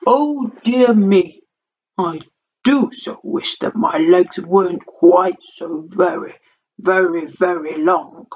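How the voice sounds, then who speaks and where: A woman's voice: medium pitch, steady tone, close to an everyday voice. A woman voicing a gloomy, very tall storybook man who sighs over his troubles. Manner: slow, sighing and mournful. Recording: dull lo-fi recording.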